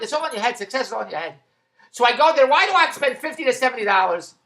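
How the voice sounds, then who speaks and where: A man's voice: extremely high pitch, animated, racing, pushed and bright. A man in a rambling monologue vlog, stumbling and restarting as he goes, amused at his own tangents. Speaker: vlogger.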